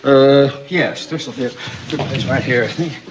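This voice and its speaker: A man's voice: mid-range voice, measured pace, lightly acted. A man playing a stammering, flustered bank manager. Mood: fussing. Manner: stammering, nervous, with uh's and sputtered words. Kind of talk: 1960s sitcom acting. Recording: dull old TV soundtrack with noise.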